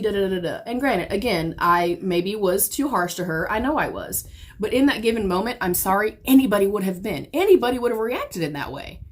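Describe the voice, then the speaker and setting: Upset woman venting, swearing hard. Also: medium pitch. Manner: heavy swearing, swings from quiet to sudden loud outbursts. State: upset, near tears. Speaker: beauty vlogger. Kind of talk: emotional get-ready-with-me storytelling.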